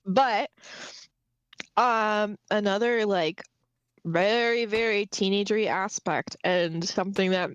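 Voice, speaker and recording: Young woman co-host, casual and rambling, mid pitch, close and dry mic. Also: clean tone, dry recording, highs cut off. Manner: chatty, many fillers, bursts of quick speech. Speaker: podcast co-host. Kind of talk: casual discussion of a web serial.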